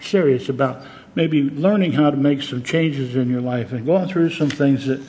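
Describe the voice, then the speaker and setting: A man's voice: mid-range voice, normal speed, dark tone, a little hiss or hum, rough recording. A man preaching a sermon as pastor, earnest and plain-spoken, with conversational asides to his congregation.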